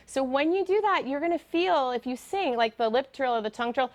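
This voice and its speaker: Higher-pitched woman voice coach, animated lecture style with quick sung demos. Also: very noisy. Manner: animated, demonstrates sung notes. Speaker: guest voice teacher. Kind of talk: lecture to a choir.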